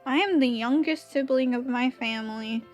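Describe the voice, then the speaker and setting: A woman's voice: high voice, moderate pace, soft background music. A young woman with a Valley girl accent, chatting casually on stream while drawing, giggly and full of "like" fillers.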